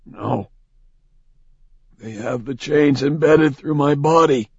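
Storybook role: male narrator doing a chained, wounded man, husky and hushed, slow and calming, dull lo-fi sound. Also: on the high side, no room sound, voice pushed up, exaggerated voice. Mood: grim, hushed. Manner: hushed, soothing, measured. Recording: dull lo-fi recording.

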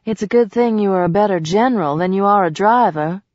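A woman's voice: mid-range voice, fast talker, darkish tone, dry recording, close to an everyday voice. A woman voicing an exasperated but kind young woman who teaches a man to drive, raising her voice a little as she scolds. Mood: exasperated teaching. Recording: dull dry recording.

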